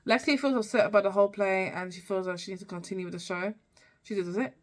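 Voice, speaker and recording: A young woman talks through a TV season recap for her vlog. She rambles, restarts her sentences and leans on fillers, and her voice sits at a middling pitch. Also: fairly even intonation, fast. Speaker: TV review vlogger. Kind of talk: casual recap chat.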